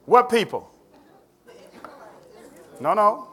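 A man's voice: high voice, big pitch swings, very slow, fairly bright tone, breathy edge, a faint crowd. A man teaching a Bible study, questioning his listeners in a conversational way and laughing often.

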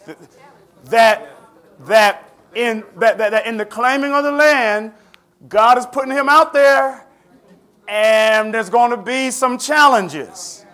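A man's voice: very high-pitched, slow pace, sharp tone. A man teaching a Bible study, questioning his listeners in a conversational way and laughing often.

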